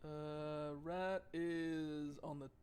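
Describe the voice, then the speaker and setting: A man's voice: fairly high pitch, fairly even intonation, drawn-out words, darkish tone, clear, resonant tone. A man streaming a game, chatting with viewers in a joking, sarcastic way and reading the game's text aloud. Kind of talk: casual let's-play commentary, reading game text aloud. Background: faint game music.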